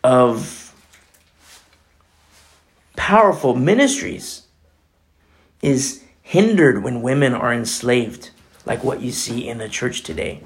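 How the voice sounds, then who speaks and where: A man's voice: mid-range voice, takes it slowly, pauses often. Conversational male preacher. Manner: conversational, animated preaching with many asides. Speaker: pastor. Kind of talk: sermon.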